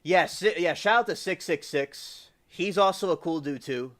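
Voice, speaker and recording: A man's voice: a little high, moderate pace, a bit bright. A man from the US South hosting a livestream, rambling casually with lots of fillers and restarts. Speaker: livestream host.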